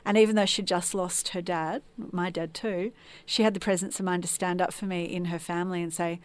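A woman's voice: on the low side, level tone, fairly quick. A woman from Tasmania, a podcast guest, telling her personal story in an earnest, reflective way. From Tasmania, Australia.

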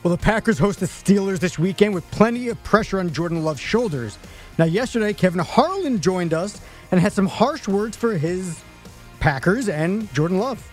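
Male radio co-host, wry and teasing, notably high voice, faint music bed underneath. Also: expressive, moderate pace. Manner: wry, teasing, sets up topics. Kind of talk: casual sports talk.

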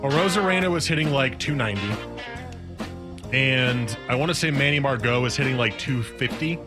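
A man's voice: medium pitch, moderate pace, music in the background. A man hosting sports radio, joking and teasing in casual banter.

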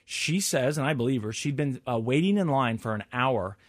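Animated forty-something man telling a story. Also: mid-range voice, moderate pace. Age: 40s. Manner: animated storyteller acting out quotes. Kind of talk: casual chat.

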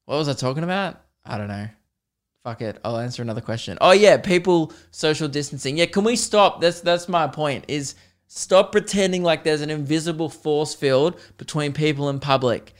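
A man's voice: fairly high pitch, moderate pace. A young man from Australia ranting in a profane, jokey way on a solo podcast. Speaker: podcast host.

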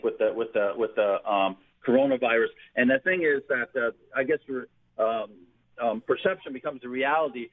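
A man from Canada calling in to a radio show, rambling and hesitant as he makes his points. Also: mid-range voice. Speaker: caller. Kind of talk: call-in phone conversation. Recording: tinny phone line.

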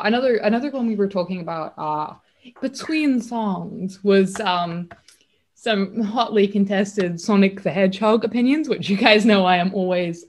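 A woman co-hosting a radio show, chatting casually in a playful, enthusiastic way full of slang and fillers. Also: mid-range voice.

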